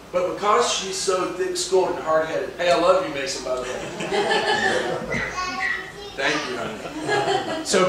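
A male pastor preaches emphatically in a church sanctuary, often asking the congregation questions. His voice is a little high and fairly bright, picked up from far off in an echoey hall with slight background noise.

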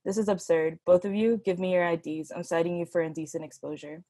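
A woman's voice: on the low side, fairly even intonation, fairly quick, mellow, no echo, clean studio sound, natural voice. A woman reading aloud, voicing a stern, dismissive male police officer. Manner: curt, dismissive.

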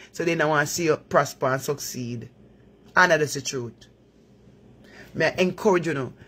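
Husky Jamaican woman giving live advice. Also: mid-range voice. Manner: earnest, advising, in patois-laced talk. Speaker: live-stream host. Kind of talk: preachy live chat.

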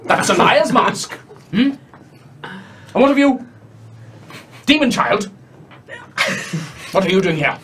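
A man voicing a grandiose, paranoid floating eyeball monster in a tabletop game, booming and indignant. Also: sing-song, slow pace, long pauses, a bit bright, husky, full character voice.

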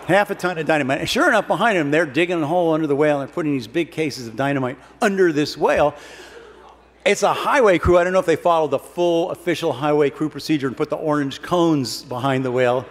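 In a large hall, a man with a fairly high voice talks fast, delivering a humorous keynote built around a long comic story told wryly and dryly. The audio carries long hall reverb and faint background noise.

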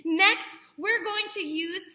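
A woman's voice: very high voice, slow pace, sharp tone. A young woman acting teacher leading a voice lesson for kids, encouraging and demonstrating breathing and projection exercises.

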